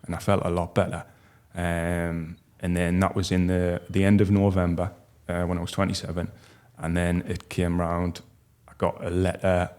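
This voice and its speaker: A man, telling a personal story as a podcast guest in a halting, heartfelt way with many restarts. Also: deep voice, completely flat delivery, darkish tone, smooth. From North East England. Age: 40s.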